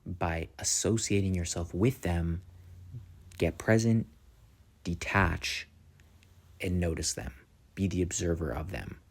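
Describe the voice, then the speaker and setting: A man hosting a self-help podcast, talking slowly through calm, repetitive guidance on letting go of negative thoughts. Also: low-pitched. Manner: slow, repetitive guiding instructions. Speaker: podcast host.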